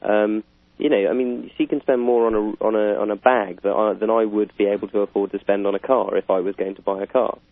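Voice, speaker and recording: A man's voice: on the low side, fairly even intonation, brisk, no room sound. A British man in casual political chat, rambling with fillers and chuckling. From Britain. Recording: tinny phone-like line.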